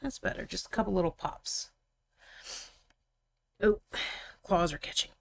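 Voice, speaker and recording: Painting miniatures on a live stream, a young woman keeps up casual, teasing chatter with her co-host and laughs a lot. She has a fairly low, creaky voice at a measured pace, and there's no room sound.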